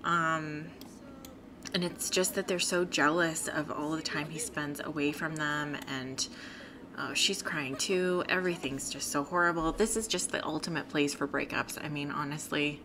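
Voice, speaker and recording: A woman's voice: low-pitched, moderate pace. A woman giving chatty, sympathetic gameplay commentary, full of fillers, as host of her let's play series. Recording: steady background noise.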